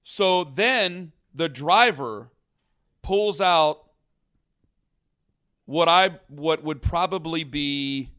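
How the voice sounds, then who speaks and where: A man casually telling a long story on a podcast, rambling and animated, with many restarts. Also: fairly high pitch, drawn-out words, long pauses, clear, resonant tone. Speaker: podcast host.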